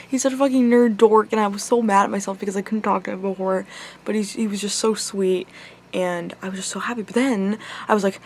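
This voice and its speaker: A woman's voice: mid-range voice, steady tone, a little fast. A young woman telling a personal story to her camera, rambling with lots of swearing and filler words. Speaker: vlogger. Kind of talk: casual storytime monologue.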